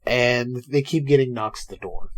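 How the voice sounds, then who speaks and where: A man co-hosting a podcast, casually recapping an episode and acting out the quotes with animated energy. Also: medium pitch, normal speed, no echo. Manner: animated storyteller, acts out quotes. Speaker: podcast co-host.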